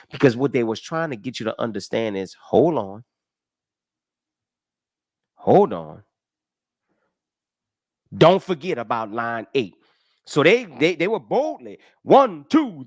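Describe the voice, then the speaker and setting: A man's voice: medium pitch, creaky, no echo. A man teaches taxes in a casual, emphatic way, counting out form lines and stopping to ask his listeners rhetorical questions. His voice rises and falls a lot as he drives each point home. The sound is close and dry, with no room around it. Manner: emphatic and animated, with rhetorical questions and folksy talk; walks through a form line by line, counting aloud. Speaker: tax educator. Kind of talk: casual explanatory lesson. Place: live stream with comments.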